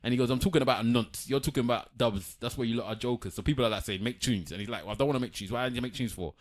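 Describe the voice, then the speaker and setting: Talking at a racing pace in a mid-range voice, a male podcast co-host chats casually. He retells stories with animated energy and reads out quotes as he goes.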